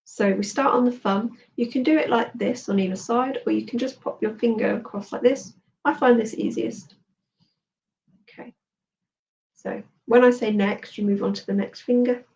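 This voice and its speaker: A woman's voice: fairly high pitch, steady tone, gravelly, darkish tone, distant mic, rough recording. Soothing woman guiding a tapping session. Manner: slow, soothing guided instruction. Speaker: therapist and coach.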